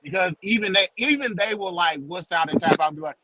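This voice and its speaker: A man chatting in an animated, joking way on a casual panel. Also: high voice, fast talker, few pauses, background noise. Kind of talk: casual group chat.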